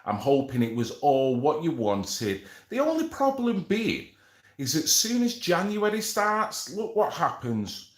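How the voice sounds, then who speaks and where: A live stream host reads from an article in an echoey room, chatting casually and wandering into slang asides. He sounds a little high and very animated, keeping a measured pace.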